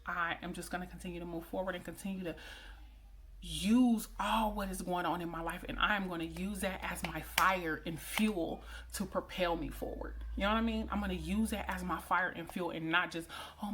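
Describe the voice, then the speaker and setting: A woman's voice: fairly low pitch, fairly bright tone, slight background noise. A woman in her thirties talking heart to heart with her viewers, prayerful and earnest, repeating phrases for emphasis. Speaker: vlogger. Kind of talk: emotional personal talk to viewers.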